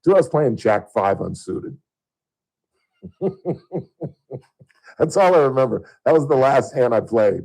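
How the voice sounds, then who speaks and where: A middle-aged man hosts a radio show and tells rambling stories in a relaxed, chatty way. His pitch sits mid-range for a man. When he gets worked up, his voice shoots high and loud. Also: unhurried, pauses often, low-quality recording. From Southern California. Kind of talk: casual on-air storytelling.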